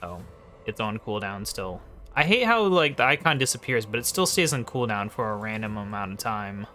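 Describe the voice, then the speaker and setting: A man giving casual, low-key commentary while playing a game late at night, often muttering quiet asides. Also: big pitch swings, moderate pace. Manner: mumbles quiet asides, sometimes whispers. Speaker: let's play host.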